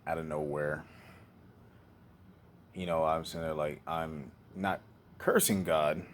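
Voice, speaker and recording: A young man with a very low, deep voice tells his own hard story, raw and candid, cursing freely and breaking off to restart his sentences. A faint hiss of background noise sits under the recording. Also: a bit bright. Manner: emotional, candid, profane, trails off and restarts. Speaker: speaker sharing life story. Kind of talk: personal storytelling monologue.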